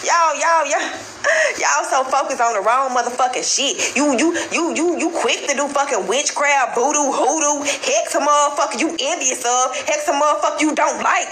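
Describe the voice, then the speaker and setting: A woman ranting casually to camera, heated and profane, exasperated and loud. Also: sits high, moderate pace, echoey room, slight background noise, rough recording. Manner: profane, heated, exasperated, breaks into laughter and shouting.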